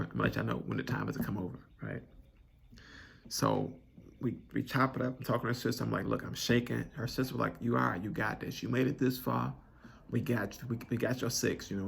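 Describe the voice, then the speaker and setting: A man's voice: lowish voice, fast talker, creaky, slight background noise. A man, telling a personal story in an earnest, conversational way with many restarts, choked up with emotion. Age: 20s. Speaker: vlogger telling his proposal story.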